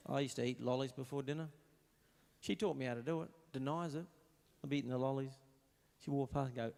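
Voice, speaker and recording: A man's voice: mid-range voice, fairly quick, creaky, long pauses, a little mellow, long reverb tail. A man from Queensland with an Australian accent, doing a stand-up comedy routine of crude stories in which he mimics his parents.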